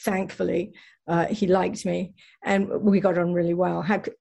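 An actress from England, guesting on a casual interview, talks in a lowish, gravelly, warm voice with little pitch movement at a moderate pace. She's self-deprecating, stumbles through restarts, and laughs often.

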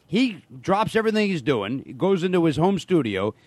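A man who is a comedian guest on a podcast, riffing in an animated, sarcastic way. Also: fairly high pitch, normal speed, no echo. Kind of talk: casual comedy chat.

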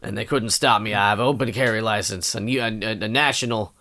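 A podcast co-host in loose, joking conversation, sitting at an ordinary middle pitch. The delivery is deadpan, building absurd bits with a straight face. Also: brisk. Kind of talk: casual comedic chat.

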